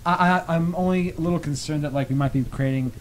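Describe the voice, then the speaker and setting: Halting young man, slightly high voice. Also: a crowd in the background, low-quality recording. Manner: halting, hesitant, searching for words. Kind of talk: casual group chat.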